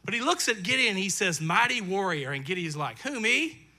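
A middle-aged male pastor preaching a lively, jokey sermon that swells into loud bursts. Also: sits high, brisk.

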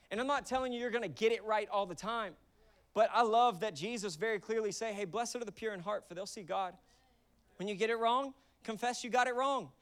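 A young adult man preaching a sermon in a church, telling stories with humor and building to loud, emphatic peaks. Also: sits high, clean tone. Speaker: pastor.

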